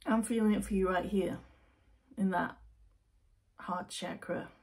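A woman with a gravelly, slightly husky voice gives a tarot reading straight to camera. She coaxes the viewer with question after question, then eases into slow, soothing guided breathing. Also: mid-range voice, steady tone, darkish tone. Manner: coaxing, talks straight to the viewer with rhetorical questions. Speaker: tarot reader.

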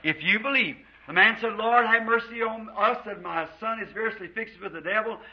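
A man's voice: sits high, a little fast, breathy edge. A man from the United States preaching a fervent sermon to a congregation in a church, drawing out quotes of scripture. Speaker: pastor. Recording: dull lo-fi old sermon tape.

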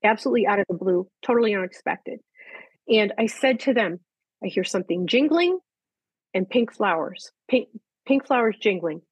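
Older woman, husky voice, dry close sound, animated storyteller, casual chat. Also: medium pitch, no room sound, rough recording. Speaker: animal communicator guest.

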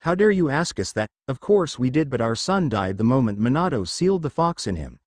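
A man's voice: mid-range voice, big pitch swings, fairly quick, dry recording, studio quality. A man reading as a harsh, bitter ninja mother. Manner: harsh, retorting.

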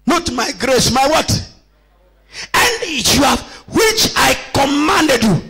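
A man with a Kenyan accent preaching a sermon as a bishop, using call-and-response and repeating his lines back to the congregation, shifting between shouted, sing-song declarations and quieter asides. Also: very high voice, sing-song, slow, rough recording. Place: church.

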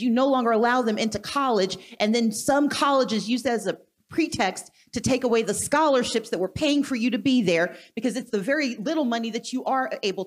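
A woman from Mississippi, a guest speaker in a live onstage conversation, talking in a forceful, deliberate, rallying way. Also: a little high.

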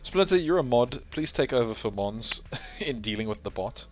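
A man's voice: mid-range voice, normal speed. Tired man commentating a game stream. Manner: relaxed, chuckling, rambling. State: tired with a sore throat. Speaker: tournament host streaming a game. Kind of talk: casual live game commentary. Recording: dull lo-fi stream audio with game music. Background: faint game music.

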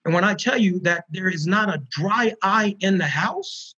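Male panelist, high husky voice, earnest and animated, muffled video-call sound. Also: moderate pace. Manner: earnest, animated storyteller who repeats words for emphasis. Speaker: founder of a prisoner reentry program. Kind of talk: storytelling in an online panel interview.

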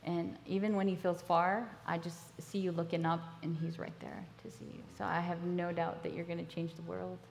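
Earnest woman with a gravelly, flat voice. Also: on the low side, moderate pace, few pauses, a little hiss or hum. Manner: gentle, earnest, many ums. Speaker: guest minister. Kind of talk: reading scripture and prophetic words. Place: church sanctuary.

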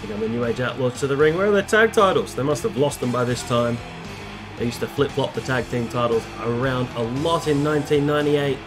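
A man hosting a casual let's-play, chatting and reacting excitedly to the game. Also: mid-range voice, brisk. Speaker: gaming channel host. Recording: loud game music behind.

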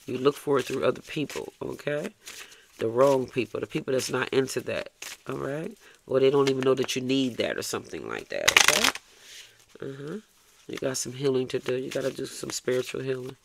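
A man's voice: mid-range voice, gravelly, slight background noise. A man giving a tarot reading, blunt and coaxing, swearing freely and ending lines with "okay?". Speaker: tarot reader.

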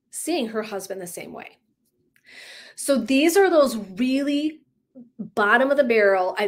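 A woman wellness coach talking live to her viewers, candid and emphatic, swearing casually and acting out stories as she goes. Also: medium pitch. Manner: animated storyteller who acts out clients' lines. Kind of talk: livestream talk to viewers.

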